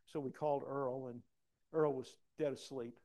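A man preaching a personal testimony, acting out dialogue and swinging from soft to loud. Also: medium pitch, moderate pace. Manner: animated, acts out dialogue, big swings in loudness. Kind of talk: sermon storytelling.

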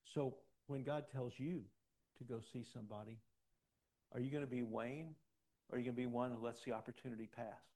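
Gravelly-voiced male preacher, emphatic. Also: medium pitch, dark tone. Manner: emphatic, exhorting, repeats phrases. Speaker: pastor. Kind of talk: sermon.

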